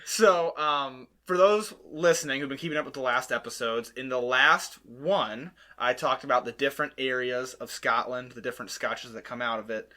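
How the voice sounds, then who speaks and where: A man hosting a relaxed chat and explaining things with plenty of ums. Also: medium pitch, moderate pace, hardly any pauses. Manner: explains with many ums, chatty. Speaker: host. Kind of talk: casual chat.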